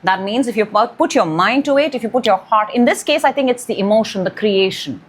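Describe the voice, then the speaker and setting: A woman's voice: on the high side, animated, fairly quick, breathy edge. Musing woman reading tarot cards. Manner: intuitive, musing, stretches key words. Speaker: tarot reader.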